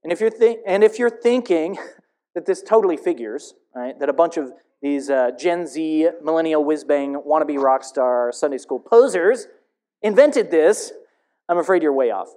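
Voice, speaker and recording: A man's voice: a little high, animated, moderate pace, mellow. Earnest male worship leader preaching. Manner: earnest, candid, confessional. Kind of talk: sermon.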